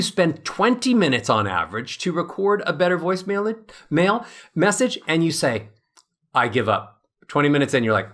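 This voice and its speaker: A middle-aged man speaking as a voice coach in an interview, lively and demonstrative, acting out little voices as he explains. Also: a little high, normal speed. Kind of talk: animated interview talk.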